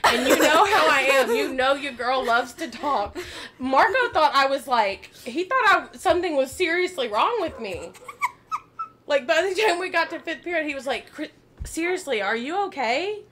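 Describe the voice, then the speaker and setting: High-voiced woman telling a story, laughing. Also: normal speed, slight background noise. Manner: animated, laughing and swearing often. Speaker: podcast host. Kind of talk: casual storytelling.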